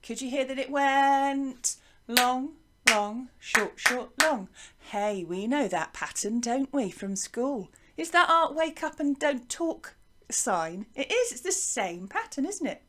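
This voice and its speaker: A woman teaching a lively music lesson to young children, encouraging them and chanting rhythms for them to copy. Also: high-pitched, slow, heavy background noise. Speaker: primary school music teacher.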